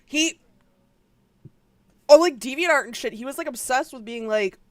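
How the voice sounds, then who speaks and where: Woman streamer, bright high voice, lively and blunt, dry close mic. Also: normal speed, no echo. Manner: animated, swears a lot, blunt. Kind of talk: casual reaction commentary.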